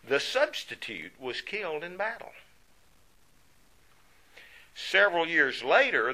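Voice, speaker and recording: A man's voice: medium pitch, pushed and bright, poor audio. A man preaching a sermon, emphatic, asking rhetorical questions and answering them himself.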